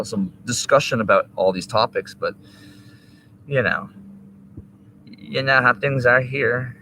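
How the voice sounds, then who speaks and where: A man talking while high, rambling and swearing in a loose monologue outdoors. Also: background noise. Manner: rambling, profane, laughing asides. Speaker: vlogger.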